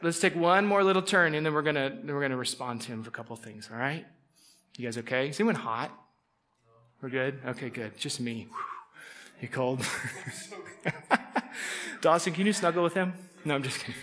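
Male preacher, higher than average, bright tone, chatty sermon delivery with playful asides. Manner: conversational, jokes with the audience, acts out inner voices. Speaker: pastor.

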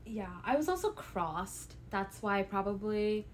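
A young woman in her twenties co-hosts a casual chat podcast, mid-pitched and animated. She acts out the people in her stories as she goes. A faint hiss of noise sits under her voice. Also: a little slow. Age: 20s. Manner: animated storyteller, acts out dialogue, bursts into loud laughs. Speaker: podcast co-host.

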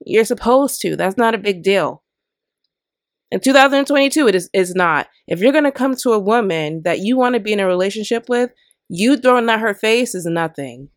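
A woman's voice: medium pitch, expressive, normal speed, no echo, clean studio sound. A woman hosting a podcast, delivering an opinionated commentary rant full of exasperated rhetorical questions. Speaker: podcast host.

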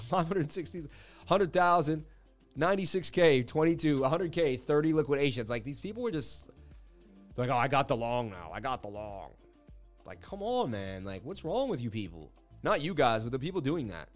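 A man around forty hosts a casual crypto livestream, chatty and hyped as he reacts to viewer messages. His voice sits a little high for a man. Soft music plays faintly behind him.

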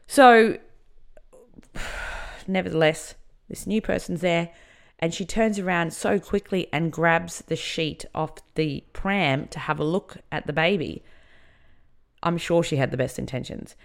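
A woman's voice: fairly low pitch, measured pace, creaky. A woman hosting a podcast, candidly telling a personal story in a conversational way. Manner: candid and conversational, with many fillers. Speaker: podcast host.

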